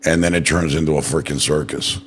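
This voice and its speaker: Deep-voiced blunt podcast host. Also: male voice, fairly even intonation, fairly quick, husky. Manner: blunt and profane. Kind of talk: casual political chat.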